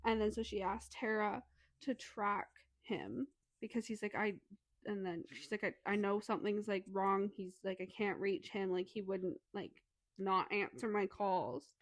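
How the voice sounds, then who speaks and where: A woman co-hosting a casual book podcast, retelling a story's scenes with lots of swearing and quick acted-out dialogue. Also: medium pitch, steady tone, dry recording. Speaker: podcast co-host. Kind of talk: casual book review chat.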